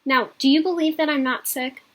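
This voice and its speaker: A woman reading aloud as a gentle, affectionate mother who calmly reassures her child. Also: sits high, a little fast, natural voice. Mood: reassuring. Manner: soft, reassuring.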